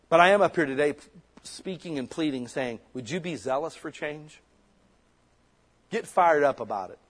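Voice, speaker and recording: Husky-voiced man preaching with fervor. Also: fairly high pitch, lively intonation, normal speed, a bit bright. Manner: impassioned, conversational preaching with rhetorical questions. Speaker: pastor. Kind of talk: sermon.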